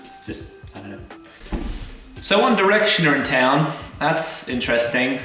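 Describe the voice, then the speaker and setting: A young man rambling through a jokey, self-deprecating vlog in a bright, forward voice. He sits far from the mic in a very echoey room, with faint music under him. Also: mid-range voice, big pitch swings, moderate pace. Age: young adult. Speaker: vlogger. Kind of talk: casual comedic vlog.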